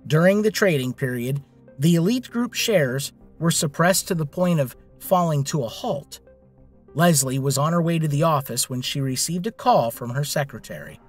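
A male narrator reads a story in a steady, even delivery, his voice sitting somewhat high for a man. Soft music plays underneath. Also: slightly rough.

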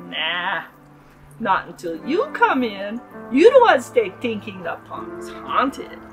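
Woman playing a taunting young man, Hawaii Pidgin accent, loud, high, bouncy. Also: huge pitch swings, slow pace, faint music behind, full character voice, rough recording. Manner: loud, teasing, high-pitched shouting. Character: playful teasing young man swimming.

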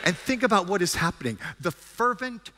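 A male pastor preaching a sermon, mixing jokes and sudden shouts with earnest calls. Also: high-pitched, big pitch swings, brisk, in a large hall, slight background noise.

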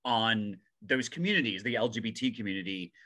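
A man hosting a podcast, asking a long question in a halting way with many restarts. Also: fairly low pitch, animated, sharp tone. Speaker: podcast host. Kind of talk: casual interview.

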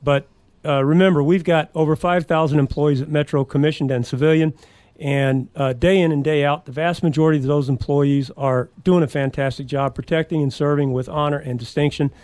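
A man's voice: on the high side, steady tone, a little fast, darkish tone, no room sound. A man talking as a sheriff candidate on a radio talk show, speaking earnestly in a campaign style with frequent restarts and fillers.

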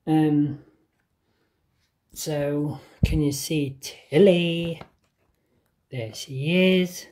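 A woman chatting to her camera at home for a casual vlog. She talks slowly and hesitantly, with plenty of ums and pauses. Her voice is low and mellow. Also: slight background noise. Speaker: vlogger. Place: at home indoors. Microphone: handheld camera.

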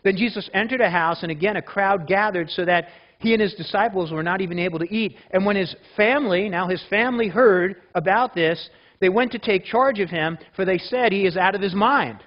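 High-voiced preacher, lo-fi recording. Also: male voice, a little fast, few pauses. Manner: conversational preaching with frequent repetitions and questions to the congregation. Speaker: pastor. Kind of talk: sermon. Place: church before a congregation.

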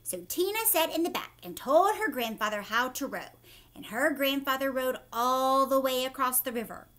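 A woman teacher reading a children's book aloud, animated and asking her young listeners questions. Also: sits high, normal speed. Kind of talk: read-aloud storytime for children.

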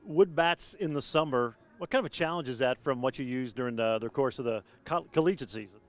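Fast-talking male sports host. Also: mid-range voice. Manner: friendly, chatty questions with easy laughs. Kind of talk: quick sports interview.

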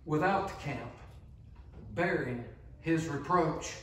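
A pastor, delivering an impassioned sermon and acting out the voices of believers. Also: male voice, very high-pitched, a little slow, pushed and bright, recorded from a distance, slight background noise. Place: church sanctuary. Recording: echoey church sanctuary, mic from afar.

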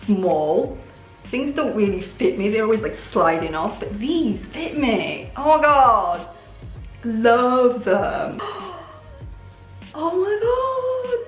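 A young woman vlogger chatting excitedly while unboxing gifts, gushing often, her voice a little hoarse. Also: on the high side, reverberant. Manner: excitable, gushing, many oh my gods. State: voice going hoarse. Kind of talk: casual unboxing chat.

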